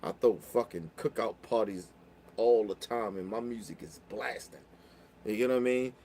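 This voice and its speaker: A young man telling a story in casual chat, profane and animated, getting loud when riled up. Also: fairly low pitch, moderate pace, slight background noise. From Baltimore.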